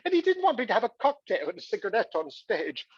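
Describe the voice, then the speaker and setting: A man plays a vain, rakish aging movie star who speaks in a put-on English accent, flippant and posh. The voice sits high and husky, and the recording is dry and a little dull. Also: wildly swooping pitch, fast talker, dry recording, exaggerated voice. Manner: boozy, flippant, posh showman.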